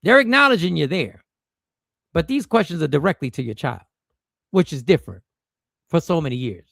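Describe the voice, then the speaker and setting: A man's voice: fairly high pitch, animated, moderate pace, creaky, a bit bright, no room sound, clean studio sound. A man, a stand-up comedian, telling a personal story to viewers in a loose, rambling way with slang and restarts. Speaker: stand-up comedian and stream host.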